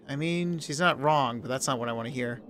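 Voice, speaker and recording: A man speaks at normal speed with a medium-pitched, pushed and bright voice into a desk mic on an arm, with slight background noise. Streaming a game, he casually reads its narration aloud and talks to himself in let's play style commentary.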